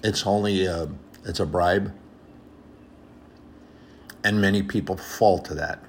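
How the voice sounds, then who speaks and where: Guy giving a laid-back sermon, lowish voice, earnest and repeats himself, faint hiss behind. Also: steady tone, slow pace. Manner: earnest, conversational, repeats phrases. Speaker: preacher. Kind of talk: informal sermon.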